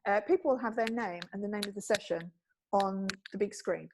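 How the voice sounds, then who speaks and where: Witty, animated woman telling stories. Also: brisk, noisy background. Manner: witty, acts out quoted voices with big pitch jumps. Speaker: guest, TV producer and speaker. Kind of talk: animated storytelling in conversation.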